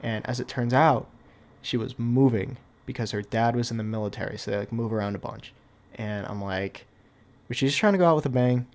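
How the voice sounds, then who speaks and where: A man's voice: mid-range voice, a little fast, creaky. A young man casually telling a storytime, rambling and packing his talk with "like", with offhand, wry asides. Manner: rambling, filler-heavy with constant "like". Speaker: storytime YouTuber.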